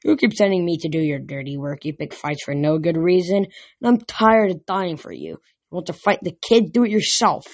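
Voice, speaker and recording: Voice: mid-range voice, moderate pace, no echo, lo-fi sound, close to an everyday voice. Reader voicing a fed-up, grumbling male cowherd. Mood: resentful. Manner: grumbling, tired. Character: weary, resentful male cowherd.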